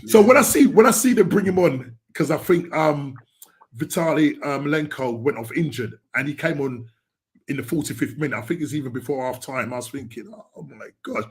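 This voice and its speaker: A man hosting a football podcast, talking in a rambling, excitable way with lots of restarts. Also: fairly high pitch, fairly quick. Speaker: podcast host. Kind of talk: casual football chat.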